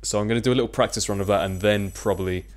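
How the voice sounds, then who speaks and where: A man's voice: fairly low pitch, fairly even intonation, racing. A young man gives casual, rambling, self-mocking commentary while playing a video game. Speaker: let's play commentator.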